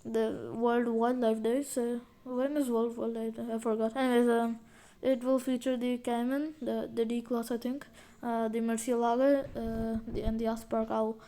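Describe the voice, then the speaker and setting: A woman talks through a game update in a loose, rambling way, full of fillers and restarts. Her voice sits a bit high, with a mellow, soft tone. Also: flat delivery, moderate pace, few pauses. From India. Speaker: gaming video creator. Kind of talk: casual game update commentary.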